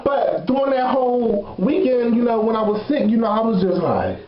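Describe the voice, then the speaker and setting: A young man telling a story in a casual vlog, sassy and animated, laughing often. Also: very high-pitched, moderate pace, echoey room, lo-fi sound. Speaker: vlogger.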